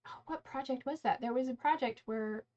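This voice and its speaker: A woman's voice: high-pitched, brisk, a little mellow. A woman hosting a casual makeup livestream, chatting and rambling as she works and often correcting herself mid-sentence. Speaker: beauty livestream host. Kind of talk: casual get-ready-with-me livestream chat. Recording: slightly dull lo-fi sound.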